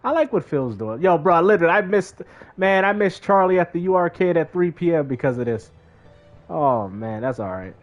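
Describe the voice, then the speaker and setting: A man's voice: on the high side, moderate pace, muffled recording. A man streaming a game, chatting casually with his chat and using slang. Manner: animated, talks to chat in slang. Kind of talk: casual live-stream commentary.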